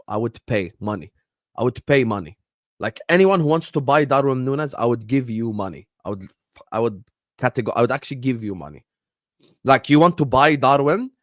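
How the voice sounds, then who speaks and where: A young man hosting a football show, ranting to a live chat in an exaggerated, repetitive, mock-pleading way with loud outbursts. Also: mid-range voice, no room sound, studio quality. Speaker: football channel host. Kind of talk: animated solo football rant to a live chat.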